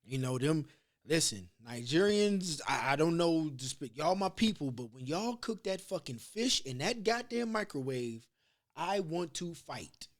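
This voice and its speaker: A man's voice: a little high, animated, unhurried. A man hosting a podcast, telling rambling, profane stories in casual chat. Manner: rambling storyteller, loose and profane. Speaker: podcast host.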